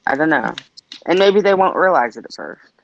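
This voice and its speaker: A man's voice: a little high, animated, moderate pace, gravelly, slight background noise. A man joining a casual show discussion as a guest, hedging his ideas with "like" and "I don't know.". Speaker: guest panelist. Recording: dull dry lo-fi audio.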